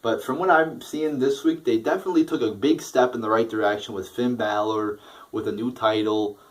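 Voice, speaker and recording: A man's voice: mid-range voice, steady tone, brisk, low-quality recording. A young man giving a casual, profane wrestling show review, rambling with fillers and restarts.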